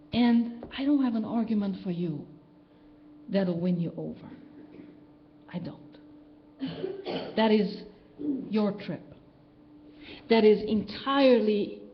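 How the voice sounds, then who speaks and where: A woman minister preaches in a casual, questioning way, checking in with her congregation as she goes. Her voice sits a little high. The live-stream recording is dull and lo-fi, with faint noise behind her. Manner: conversational, often asks the congregation questions. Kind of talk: sermon.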